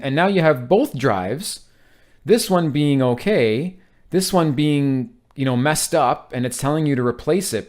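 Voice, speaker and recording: A man explains a technical topic in a relaxed, off-the-cuff way. He rambles, cracks jokes and adds little sound effects as he sketches his points. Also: mid-range voice. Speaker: IT tech explainer. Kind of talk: casual whiteboard tutorial.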